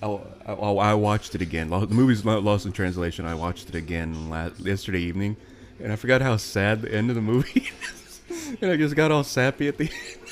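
A man with a fairly low voice hosts a casual chat podcast. He rambles, trips over his own sentences and laughs a lot as he goes. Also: lively intonation, fairly quick. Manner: rambling, self-interrupting, laughs often. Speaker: podcast host.

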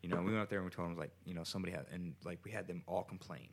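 A man with a low, gravelly voice tells a story in a loose, rambling way, swearing freely and stumbling over his own restarts. He talks casually from his kitchen at home. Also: very fast. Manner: profane, rambling, many restarts.

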